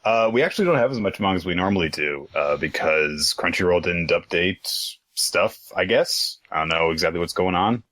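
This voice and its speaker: A man's voice: low-pitched, expressive, normal speed, hardly any pauses, fairly bright tone, no echo. A young man co-hosting a casual podcast, laid-back, swearing and laughing often. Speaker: podcast co-host. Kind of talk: casual chat.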